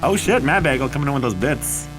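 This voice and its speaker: A man's voice: mid-range voice, lively intonation, fast talker, over music. A tired man streaming games, chatting casually and swearing freely. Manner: laid-back, swears freely. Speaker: game streamer. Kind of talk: casual livestream chat.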